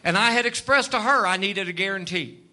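A man preaching a sermon testimony, telling a story, acting out the dialogue and rising to fervent shouts. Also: sits high, fairly quick. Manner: storytelling, acts out dialogue, rises to shouting fervor.

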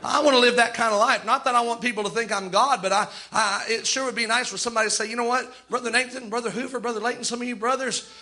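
Fervent male preacher, high and sharp-toned, acting out quotes mid-sermon. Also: fairly even intonation. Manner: fervent, acts out quoted voices with dramatic pauses.

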